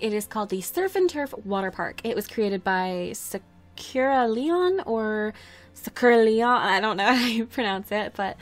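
Young female let's-player, chatty, giggly, rambling casual commentary. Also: medium pitch. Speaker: let's play host.

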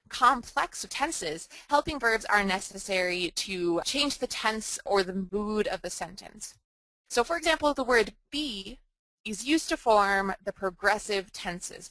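A young woman explains grammar in a clear, patient lesson, leaning on the example words to make each point. Her voice is bright and forward. The recording is close and dry, with no room sound. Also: fairly high pitch, dry recording, rough recording. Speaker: writing center tutor.

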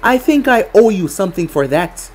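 A brash, lisping male android villain from a storybook reading, read aloud by a woman. The voice swings about in pitch and carries a husky edge. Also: sing-song, normal speed, darkish tone, soft background music. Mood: gloating.

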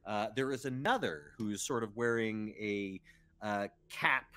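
A man's voice: lowish voice, a little slow, pushed and bright. A man narrating a tabletop role-playing game as game master, playful and full of fillers.

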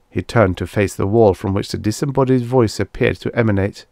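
A man's voice: fairly low pitch, fairly quick, creaky, hardly any pauses, darkish tone, no room sound, studio quality. A man reading a vintage science fiction story aloud as an audiobook narrator. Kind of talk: scripted narration.

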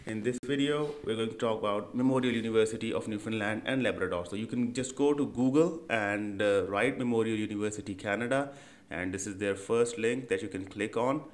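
His voice on the low side, a young education-channel host talks viewers through a screen-share tutorial. He keeps it casual and conversational, with lots of fillers and frequent "right?" check-ins.

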